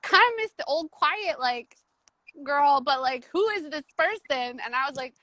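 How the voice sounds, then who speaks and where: Bright, lively woman sharing her story. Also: high voice, no room sound, poor audio. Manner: open, emotional, fast storytelling with many "like"s. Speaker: coaching client, guest. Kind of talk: casual interview chat.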